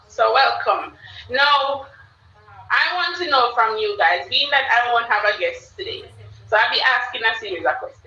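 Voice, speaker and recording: Jamaican woman, live stream host, loose repetitive chat; high bright voice, distant dull roomy audio.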